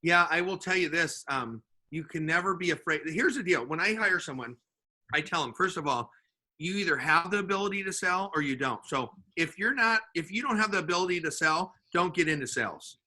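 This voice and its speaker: Sales manager guesting on a chat show, a man who tells animated stories and performs every line of dialogue. High-pitched, sharp and forceful. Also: a little fast. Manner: acts out the dialogue in his stories with voices. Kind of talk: animated storytelling in casual chat.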